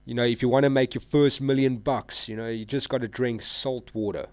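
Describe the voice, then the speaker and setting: A man's voice: medium pitch, steady tone, a little fast, no room sound. A man, hosting a live trading stream in loose, rambling chat, full of "bro" and "like". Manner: slangy, says "bro" and "like" a lot. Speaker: livestream trader host.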